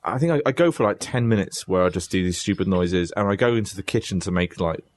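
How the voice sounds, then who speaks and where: A man's voice: low voice, quick pace. A young man rambling through self-mocking stories in casual podcast banter. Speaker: podcast co-host.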